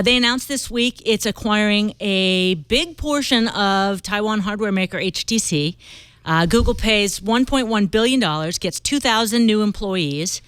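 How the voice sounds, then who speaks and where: A woman guest-hosting a tech talk panel in a brisk, joking way. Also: mid-range voice, a bit bright, clear, resonant tone, no room sound. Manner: playful, brisk, jokey. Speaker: guest host.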